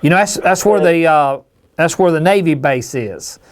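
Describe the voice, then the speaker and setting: A man's voice: a little high, expressive, normal speed. A man from Alabama, hosting a hunting call-in show in a folksy, rambling way. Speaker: radio show host. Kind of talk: casual call-in chat.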